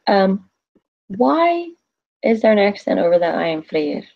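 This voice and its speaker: A woman's voice: mid-range voice, sing-song, a little slow, creaky, muffled recording. A woman teaching a Spanish class on a screen recording, asking questions and answering them herself in a chatty way.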